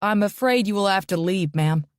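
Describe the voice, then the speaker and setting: A woman's voice: mid-range voice, lively intonation, normal speed, no room sound, clean studio sound, natural voice. A woman narrator voicing a young male bus driver who firmly orders someone off, in an audiobook.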